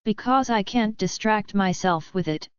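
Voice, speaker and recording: A woman's voice: mid-range voice, unhurried, clear, resonant tone, no echo, muffled recording, natural voice. A woman voicing a teasing, loyal young werewolf friend, in a wry, amused way, in an audiobook.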